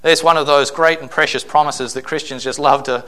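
Male pastor, emphatic sermon delivery, bright forceful voice. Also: fairly high pitch, steady tone, brisk. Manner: emphatic preaching with acted-out quotes.

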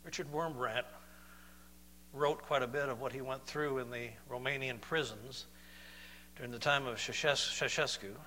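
A man preaching a sermon, moving between loud, emphatic declarations and soft, slow, questioning passages. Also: medium pitch, fairly even intonation, long reverb tail, slight background noise.

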